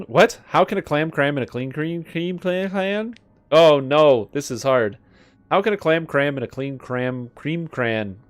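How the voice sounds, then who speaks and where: A man's voice: on the high side, animated, measured pace. A man streaming live, chatting casually with viewers and playfully stumbling through tongue twisters. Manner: playful, reads tongue twisters aloud, stumbles and laughs at himself.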